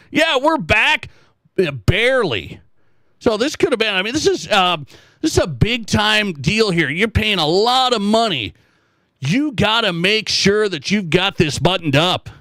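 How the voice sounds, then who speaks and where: A middle-aged man hosting a sports talk show, telling stories in a rambling, animated way with repeated phrases. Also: high voice, no room sound. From South Dakota. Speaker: sports talk radio host. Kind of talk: casual sports talk monologue.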